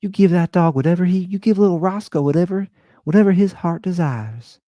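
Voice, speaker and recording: A high, sing-song voice that lifts well above a normal speaking range, gentle and flamboyant, with a slight Southern lilt. A man puts on this sympathetic caretaker, soft and lilting, in a dry, close sound. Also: a little fast, no room sound, muffled recording, lightly acted. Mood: gushing.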